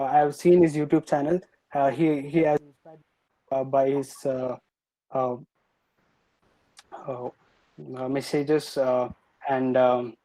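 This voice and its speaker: Nervous young man, halting and flat. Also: mid-range voice, poor audio. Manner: hesitant, many filler pauses. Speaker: student presenter. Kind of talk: answering panel questions.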